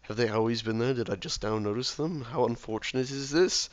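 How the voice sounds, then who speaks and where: A hoarse, ill man talking himself through a game, often muttering softly or near a whisper. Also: medium pitch, brisk, dry recording. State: hoarse from illness. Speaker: gameplay video maker. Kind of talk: relaxed gameplay commentary.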